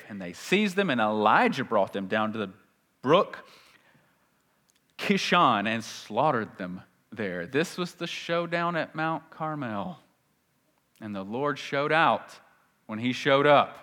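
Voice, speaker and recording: A man preaching a sermon in church, reading scripture aloud and acting out the people in it with lively energy. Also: mid-range voice, slow pace. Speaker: pastor. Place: church sanctuary. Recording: long reverb of a large hall.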